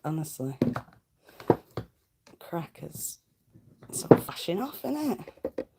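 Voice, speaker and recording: Giggly woman, gravelly. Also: fairly low pitch, sing-song, takes it slowly, very noisy. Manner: giggly, rambling, swears a lot. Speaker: livestreamer. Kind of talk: casual live stream chat.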